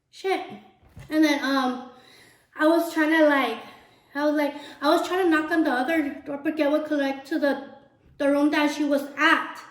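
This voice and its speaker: A young woman with a high, bright voice spins a story as she cooks in her kitchen. She talks fast and loose, animated and chatty, with plenty of swearing. Her voice bounces around a roomy space with a noticeable echo. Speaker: vlogger. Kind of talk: casual storytime while cooking.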